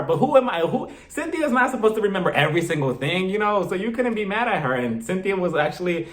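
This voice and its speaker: A man giving a casual, animated review of a reality TV episode. He acts out quotes and laughs often. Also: high voice, quick pace, few pauses. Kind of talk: casual commentary vlog. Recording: roomy echo.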